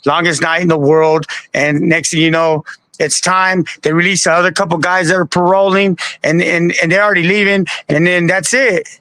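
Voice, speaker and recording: A man guest on a live stream, telling a story in an animated, slangy way with laughs. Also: high-pitched, moderate pace, no room sound, low-quality recording. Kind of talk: casual storytelling. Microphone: live stream call.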